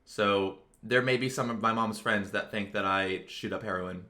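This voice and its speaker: Young man, storytime vlogger, bright voice, casual and rambling. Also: on the low side, normal speed. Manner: rambling, filler-heavy, lots of "like". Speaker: storytelling video creator.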